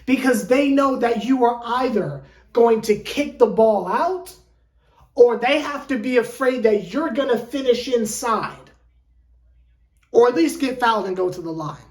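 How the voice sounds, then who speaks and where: A woman's voice: fairly high pitch, a little slow. Exasperated woman ranting in an echoey room. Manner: exasperated, animated, theatrical rhetorical questions. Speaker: sports fan vlogger. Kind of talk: fan reaction rant.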